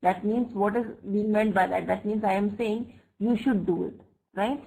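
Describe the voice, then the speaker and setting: A woman teaching an online English grammar class. She reads example sentences slowly and checks often with "right?" and "fine?". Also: medium pitch, steady tone, vocal fry, mellow, low-quality recording. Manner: slow, deliberate example sentences. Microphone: computer mic for a web class.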